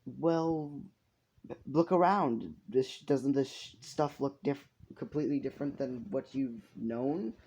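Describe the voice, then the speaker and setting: A man's voice: mid-range voice, measured pace, a little mellow, a little hiss or hum, natural voice. Man voicing a polite talking rat principal. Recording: dull lo-fi recording.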